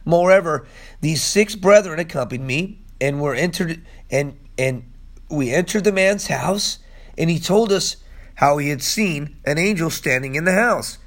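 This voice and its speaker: Hoarse, excitable high-voiced preacher man. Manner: excitable and chatty, laughs often, says "man" a lot. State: hoarse from allergies. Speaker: pastor. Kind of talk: casual, energetic sermon.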